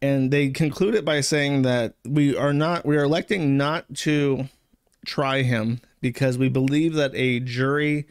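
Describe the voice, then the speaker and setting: A man's voice: mid-range voice, fairly even intonation, measured pace, smooth, no echo, studio quality. A man giving casual, sarcastic commentary, rambling and crude. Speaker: streamer commentator.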